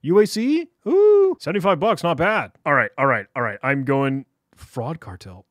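Male tech vlogger, fairly high voice, playful and excitable, reads chats aloud in a dry close-mic sound. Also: fairly quick, dry recording. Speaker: cybersecurity YouTuber. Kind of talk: casual screen-recorded walkthrough.

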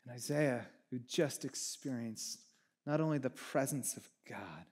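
A man preaching a sermon as pastor, talking conversationally, moving between hushed reflection and fervent emphasis, with casual asides to the congregation. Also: mid-range voice, a little slow, breathy edge. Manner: casual asides with audience check-ins.

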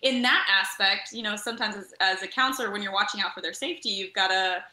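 Woman guest on a podcast, bright and a bit high, lively storyteller, echoey room. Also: fast talker. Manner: animated storyteller, acts out voices. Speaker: camp travel director and nurse. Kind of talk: podcast interview.

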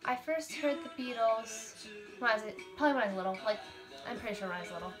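A woman's voice: on the high side, lively intonation, quick pace, faint music behind. A teenage girl in casual chat, answering questions with lots of fillers and giggles. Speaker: guest answering tag questions.

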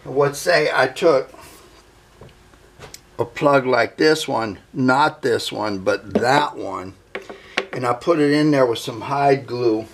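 A man's voice: mid-range voice, slow pace, long pauses, slight background noise. A man, hosting a workshop how-to vlog about building guitars, folksy and joking as he talks viewers through his work. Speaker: guitar builder, channel host.

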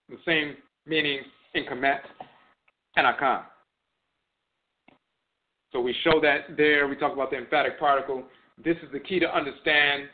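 A man giving a spoken lecture on religion, repeating key terms for emphasis as he explains words. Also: medium pitch. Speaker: teacher of religion and language. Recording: tinny phone-like audio.

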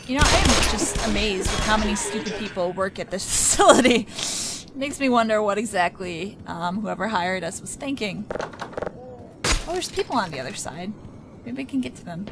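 A woman's voice: mid-range voice, animated, normal speed, loud music behind the voice, poor audio. A young adult woman hosting a casual let's play. She jokes, chats, and talks back to the game characters. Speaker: gaming channel host.

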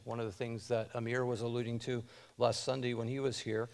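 A man preaching a sermon as pastor, reading scripture aloud and speaking in short, measured phrases with rising emphasis. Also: mid-range voice, flat delivery, creaky, darkish tone.

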